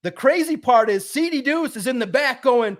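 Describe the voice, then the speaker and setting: Guy with a pretty high voice, super high energy, just chatting and spinning a story on a sports podcast. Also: expressive, moderate pace. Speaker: podcast guest, sports publisher. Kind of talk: casual storytelling chat.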